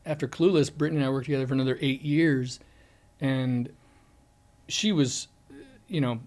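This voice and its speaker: Male actor, candid and halting interview answer. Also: mid-range voice. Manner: candid, frequent restarts, drops to soft tones. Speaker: actor guest. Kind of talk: reflective interview.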